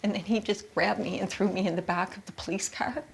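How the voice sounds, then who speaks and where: A middle-aged woman from Canada giving a halting interview testimony, repeating words and quoting her own thoughts. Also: medium pitch, fairly even intonation, vocal fry. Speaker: interviewee recounting her experience.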